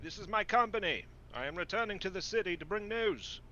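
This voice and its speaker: A man's voice: high voice, animated, brisk, bright, forceful tone, highs cut off, a little hiss or hum. A man playing a formal proud knight, Sir Bertolac. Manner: stiff, formal announcing. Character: formal proud male knight leading a company.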